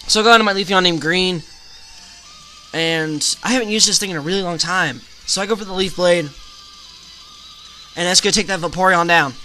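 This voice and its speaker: A man with a high, bright voice talks through a game battle in casual commentary. He narrates move by move in a chatty play-by-play. Faint music plays behind him. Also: fairly quick, long pauses. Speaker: gaming channel host.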